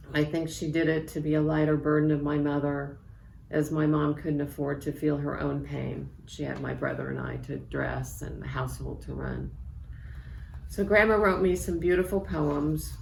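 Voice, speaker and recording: A woman in her sixties, an author reading aloud from her memoir in a measured, reflective way. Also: sits low, creaky. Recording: echoey room with faint background noise.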